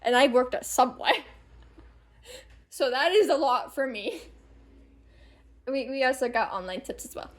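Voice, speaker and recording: A woman's voice: sits high, animated, a little slow, long pauses. A young woman in her late teens telling a rambling storytime vlog, laughing often and swearing casually. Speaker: vlogger.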